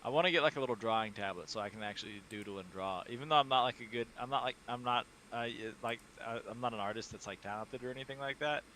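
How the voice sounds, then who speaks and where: Male podcast co-host, bright, energetic delivery, loose and profane banter. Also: medium pitch, fast talker, hardly any pauses, slight background noise. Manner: animated, playful, swears casually. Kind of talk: casual chat.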